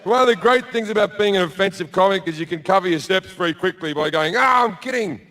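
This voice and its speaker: A man doing crude, deadpan stand-up storytelling on stage with a handheld mic. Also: high-pitched, quick pace. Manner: crude, deadpan storytelling with sudden loud bursts. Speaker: stand-up comedian. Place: stage before a live audience.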